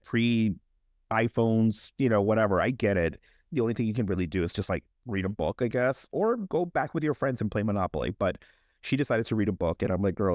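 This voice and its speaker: A podcast co-host with a lowish voice casually recaps a movie, animatedly performing the characters' lines in exaggerated voices. The studio recording is clean, with no echo.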